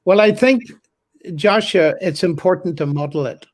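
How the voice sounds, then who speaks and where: An older man, a guest in an interview, telling stories in a measured, formal and emphatic way. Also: high voice. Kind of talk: conversational interview storytelling.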